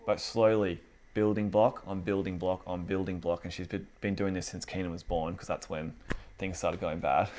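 A man's voice: deep voice, normal speed, heavy background noise. A man preaching to a small indoor group in a casual, conversational way, acting out the inner voices of his listeners. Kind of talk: casual informal sermon.

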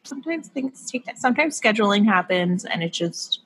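Breathy giggly female podcast co-host. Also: mid-range voice, animated, fairly quick, fairly bright tone. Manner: giggly, stumbles while reading aloud. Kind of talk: casual chat.

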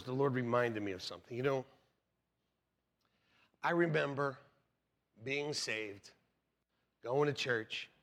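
A man preaching a sermon as pastor, telling stories with acted-out voices and jokes for the congregation. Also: sits high. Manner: animated storytelling, acts out voices, jokes with congregation. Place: church sanctuary.

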